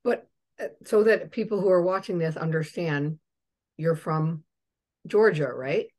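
A woman hosting a podcast, chatting casually and telling a lively anecdote to her guest. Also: low voice, unhurried. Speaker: podcast host. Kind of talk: casual chat, storytelling.

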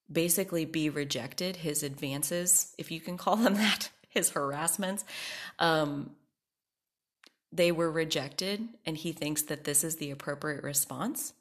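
Woman, low-pitched voice, solo podcast monologue, candid, emphatic, swearing. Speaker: podcast host. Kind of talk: personal monologue.

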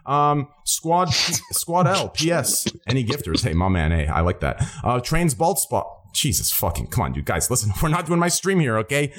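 A man's voice: mid-range voice, big pitch swings, moderate pace, few pauses, crowd noise. A man hosting a charity live stream, reading out donations in a hyped, joking way and swearing freely.

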